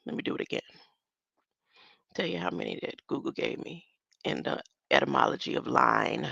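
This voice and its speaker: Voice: deep voice, wildly swooping pitch, moderate pace, creaky, sharp tone, slightly rough, no echo. A vlogger talking in a rambling casual monologue, musing and drifting from topic to topic and chuckling often. The sound is dull and lo-fi.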